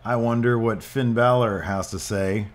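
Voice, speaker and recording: A man hosting a gaming channel, giving excited play-by-play over a wrestling game with loud exclamations and quiet mutters. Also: medium pitch, measured pace.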